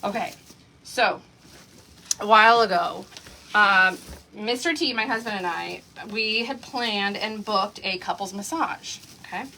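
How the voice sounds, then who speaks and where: A woman's voice: mid-range voice, a little slow, bright, forceful tone, a little hiss or hum. A woman from Oklahoma, hosting a craft livestream and telling a story to her viewers in a chatty way, breaking into laughter often. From Oklahoma, USA. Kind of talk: casual chat on a livestream.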